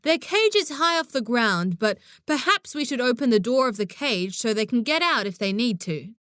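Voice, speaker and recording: A woman's voice: fairly high pitch, moderate pace, dry recording, clean studio sound. Woman voicing a practical, caring farm dad. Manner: calm, practical.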